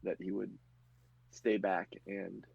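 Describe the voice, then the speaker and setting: A man's voice: low-pitched, level tone, creaky, a little mellow, slightly rough, no echo, highs cut off, heavily acted. A man voicing a frightened, grieving woman in her mid-forties who stammers and halts as she speaks. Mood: shaken. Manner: stammering, halting.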